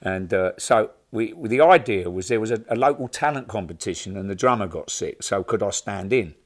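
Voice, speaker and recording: An older man telling an animated, laughing anecdote as an interview guest. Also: lowish voice, brisk. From London. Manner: animated, laughing, acts out other people's voices. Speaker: interview guest, rock drummer. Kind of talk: anecdotal storytelling.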